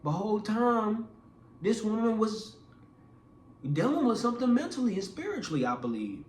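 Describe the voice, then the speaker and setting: A man's voice: high-pitched, moderate pace, reverberant. A young man telling a personal story casually, acting out voices with lots of restarts. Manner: animated, acts out quoted voices; casual, repeats words and restarts. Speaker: vlogger.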